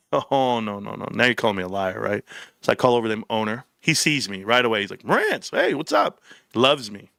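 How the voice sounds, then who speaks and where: Gravelly, bright-voiced male streamer. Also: lowish voice, a little fast, no echo, studio quality. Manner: animated storyteller, slangy and emphatic. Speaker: live-stream host. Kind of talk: casual live-stream chat.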